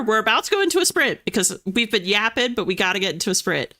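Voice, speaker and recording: A chatty young woman hosts a writing livestream and reads out her viewers' messages. Her voice is bright and clear, with a very lively melody that swoops up and down as she talks. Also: medium pitch, quick pace, hardly any pauses. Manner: bubbly and chatty, reads chat aloud. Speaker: livestream host of writing sprints. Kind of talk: casual chat to live viewers.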